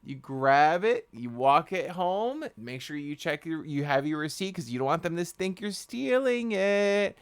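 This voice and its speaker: A man chatting on a casual podcast, his slightly high voice swinging up and down as he spins deadpan jokes. The sound is close and dry. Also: unhurried, few pauses, clean tone, no room sound. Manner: deadpan joking, breaks into laughter. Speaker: podcast co-host.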